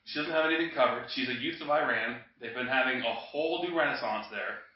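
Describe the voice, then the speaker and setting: A man's voice: medium pitch, fast. A man co-hosting a podcast, ranting casually and profanely over drinks, heated and jokey. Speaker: podcast co-host. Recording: roomy, distant, dull lo-fi home recording.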